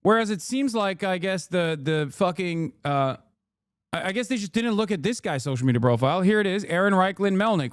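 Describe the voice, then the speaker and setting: A man's voice: high voice, expressive, brisk, clean tone, no room sound, studio quality. A male live streamer giving casual commentary, swearing often and sounding incredulous and emphatic.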